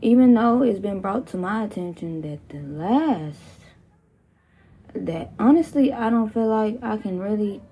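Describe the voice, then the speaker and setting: A woman's voice: mid-range voice, animated, a little slow, mellow, breathy edge. A woman hosting her own podcast, ranting casually and profanely with laughing asides, recovering from pneumonia. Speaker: podcast host. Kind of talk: casual solo rant.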